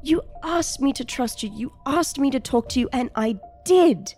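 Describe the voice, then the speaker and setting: A woman's voice: high voice, animated, moderate pace, a little mellow, soft background music, voice pushed up. A woman voicing an earnest, protective mother in a tabletop role-play, stammering and repeating her words. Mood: hurt, upset.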